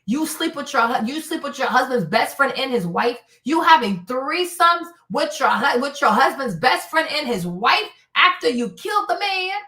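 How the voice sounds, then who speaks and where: Fiery high-voiced woman host ranting profanely in an echoey room. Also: big pitch swings, moderate pace, hardly any pauses, bright, forceful tone. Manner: heated, blunt and profane, repeating lines for emphasis. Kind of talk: casual commentary.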